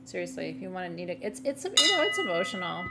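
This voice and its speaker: Gravelly-voiced woman gushing on a live stream. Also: lowish voice, big pitch swings, fast, heavy background noise. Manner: gushing, chatty, swears, laughs easily. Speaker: host of a live gem sale. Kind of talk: casual live-stream chat.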